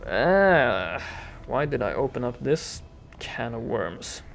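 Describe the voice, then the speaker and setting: A man's voice: mid-range voice, animated, a little slow, gravelly. A man hosting a let's play, reading dialogue options and making joking asides about his choices. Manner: joking asides, self-correcting. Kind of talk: casual let's play commentary. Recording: game music playing behind.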